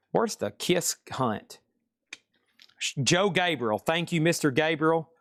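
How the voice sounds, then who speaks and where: A man hosting a live-streamed record auction, calling bids and sales in a fast, chatty, upbeat patter. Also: medium pitch, no echo, clean studio sound.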